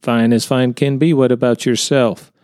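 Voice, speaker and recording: A man's voice: medium pitch, fairly even intonation, normal speed, darkish tone, dry recording, clean studio sound, close to an everyday voice. A man voicing a genial Southern neighbor, a retired counselor, with a folksy drawl in a storybook reading.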